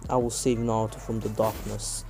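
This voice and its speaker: A man voicing a protective adult ninja mentor in a fan story, quiet, low and firm. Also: level tone, fairly quick, vocal fry, soft background music.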